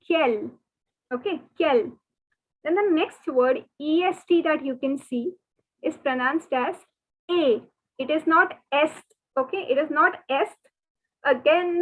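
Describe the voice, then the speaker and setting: A high-pitched woman gives an online French lesson, speaking slowly and patiently. She repeats each phrase and spells words out letter by letter. Her voice comes through thin and tinny, like a phone line. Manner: slow, repetitive, spells words out and drills pronunciation. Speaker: French teacher. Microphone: video call. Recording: tinny phone-like webinar audio.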